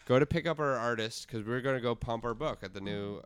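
A man's voice: mid-range voice, fast talker, noisy background. A man co-hosting a podcast, telling a con story in a laid-back way with stammered restarts. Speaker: podcast co-host. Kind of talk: casual chat.

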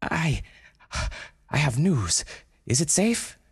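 A man's voice: a little high, sing-song, slow, gravelly, breathy edge, no echo, clean studio sound, voice pushed up, exaggerated voice. A man voicing a proud, bitter female panda widow who speaks formal, slightly broken English in a told story. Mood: anxious. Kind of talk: storytelling audio drama.

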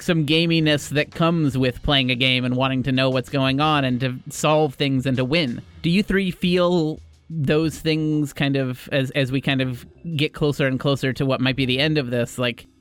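A man in his thirties or younger, running a tabletop game as game master, telling the story in measured narration and talking things over in a loose, rambling way. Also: mid-range voice, smooth. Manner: measured storytelling, then thoughtful rambling with fillers. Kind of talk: scripted narration and casual chat.

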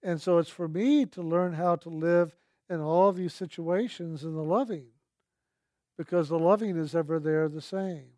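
A man telling a personal spiritual story in a gentle, earnest way, slowly repeating his key phrases. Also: a little high, no room sound, clean studio sound. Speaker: speaker sharing a personal testimony.

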